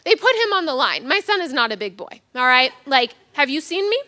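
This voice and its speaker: Lively, bright-voiced woman pastor telling stories. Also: high voice, a little fast. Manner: animated storytelling with acted-out quotes, self-mocking humor. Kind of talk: sermon with personal story.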